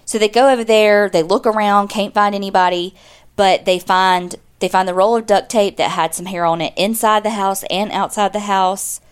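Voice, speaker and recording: A woman's voice: mid-range voice, steady tone, moderate pace, smooth. A woman, casually telling a true-crime story as a podcast co-host, chatty and full of "like.". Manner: chatty, lots of "like", acts out quotes.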